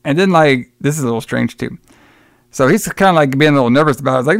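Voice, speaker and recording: Talking very fast in a medium-pitched voice, a male podcast co-host profanely rambles through a film's plot in a casual review chat, mocking the characters with quoted voices. The audio is studio quality with no echo.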